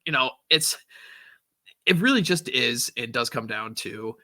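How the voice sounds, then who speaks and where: A man hosting a casual podcast, rambling through his points with plenty of fillers and easy laughs. His voice is bright and forceful, at a mid pitch, and the sound is dry and close. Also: expressive, a little slow, dry recording. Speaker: podcast host.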